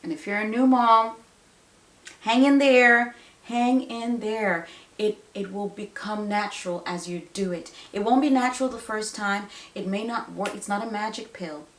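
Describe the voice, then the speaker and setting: A woman's voice: mid-range voice, moderate pace, hardly any pauses. Emphatic woman giving advice, roomy sound. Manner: emphatic, rhetorical questions, animated bursts. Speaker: nurse and parenting advice host. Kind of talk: direct-to-camera advice talk.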